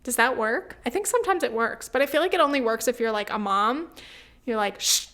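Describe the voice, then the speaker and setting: A woman's voice: a little high, animated, brisk, a bit bright. A woman in her twenties hosting her own podcast, chatting casually, swearing freely and filling her talk with "like" and "um". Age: 20s. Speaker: podcast host. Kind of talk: casual solo podcast chat.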